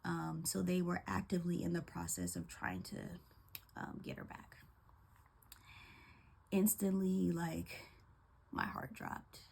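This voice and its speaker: A young woman, a teacher, telling a personal story of grief in a soft, halting way with many pauses and fillers, holding back tears. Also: lowish voice, very animated, vocal fry, slightly rough. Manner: soft-spoken, halting, many ums and likes. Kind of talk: personal testimony.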